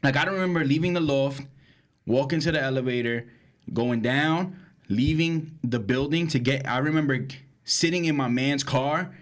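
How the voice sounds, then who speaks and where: A young man, co-hosting a podcast and telling a wild story in slangy casual chat, acting out quotes and laughing. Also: normal speed. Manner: animated, slangy, acts out quotes with big pitch jumps and laughter. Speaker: podcast co-host.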